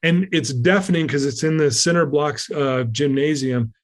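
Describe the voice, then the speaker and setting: A middle-aged man tells a story in a lively, animated way, acting out what people said. His voice sits a little high for a man. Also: normal speed. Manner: animated storyteller, acts out quotes. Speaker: guest speaker. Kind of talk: storytelling in a podcast conversation.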